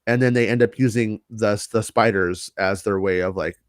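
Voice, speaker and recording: A man's voice: fairly low pitch, steady tone, normal speed, dry recording, studio quality. A man co-hosting a podcast, rambling in casual chat, stumbling over and repeating words. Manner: rambling, stammers, repeats words, does silly voices. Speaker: podcast co-host.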